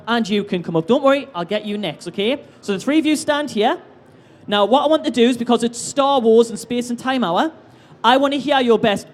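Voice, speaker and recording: Guy with a really high voice running a convention game, jokey and teasing. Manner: jokey, teasing, upbeat banter. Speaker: stage host at a convention. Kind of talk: live audience game hosting.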